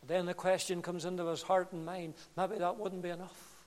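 A man preaching a sermon with fervour, dropping to a hush and then rising to loud, impassioned peaks. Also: sits high, little pitch movement, moderate pace. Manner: impassioned, swinging between hushed and loud. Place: church. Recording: reverberant church hall.

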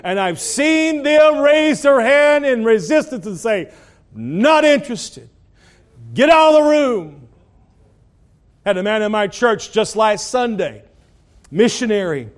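A man preaching a sermon, telling a story dramatically and swinging from hushed tones to loud calls. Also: high voice. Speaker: pastor.

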